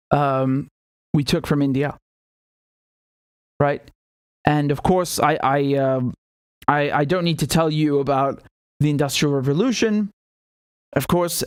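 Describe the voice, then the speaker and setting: A man's voice: fairly high pitch, smooth, no room sound, clean studio sound. A man hosting a political commentary show, talking in an indignant, sarcastic way that rises to emphatic outbursts. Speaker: host.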